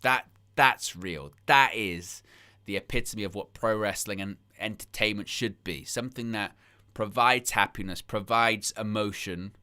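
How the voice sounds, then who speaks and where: Bright, crisp-voiced man, passionate live host. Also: fairly low pitch, steady tone, moderate pace. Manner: passionate and emphatic, repeats phrases for effect; reads out and answers viewer chat comments. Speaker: host of a live wrestling watch-along stream. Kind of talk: casual live-stream chat.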